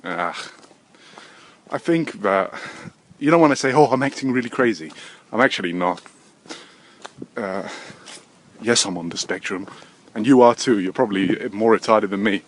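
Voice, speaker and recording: A man in his thirties hosting a rambling solo podcast, swearing constantly, drifting between low mutters and sudden loud outbursts. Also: normal speed, long pauses. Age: 30s. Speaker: podcast host. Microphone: desk microphone.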